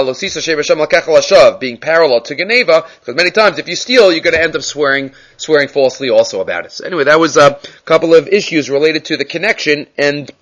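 A man giving a casual Torah class, switching between Hebrew terms and English, with animated emphasis on key points. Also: a little high, muffled recording. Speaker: Torah teacher. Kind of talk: daily Torah class on the mitzvot.

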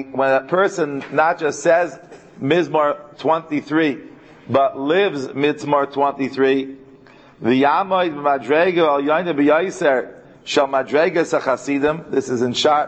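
A man giving a Torah class in an earnest tone, mixing Hebrew terms into his English and slowing right down to stress key verses. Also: on the high side, muffled recording. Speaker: Torah teacher.

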